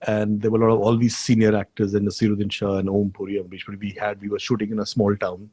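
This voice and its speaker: A man's voice: fairly low pitch, flat delivery, quick pace, dark tone, breathy edge, no room sound. A man, a guest in a live video chat, telling an anecdote casually with fillers and restarts. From India. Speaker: guest actor. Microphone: video call.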